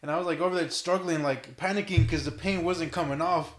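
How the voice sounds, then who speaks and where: A young man telling animated, laughing stories as a podcast guest. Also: a little high, brisk. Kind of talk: casual podcast chat. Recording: echoey room.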